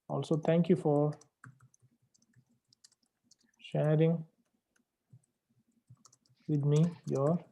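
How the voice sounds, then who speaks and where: This man tutors students for an English test, and here he gives spoken feedback on a practice test by going through a student's errors. His voice is slightly high, creaky and warm, and he corrects repetitively, slowing down to stress the key phrases of his advice.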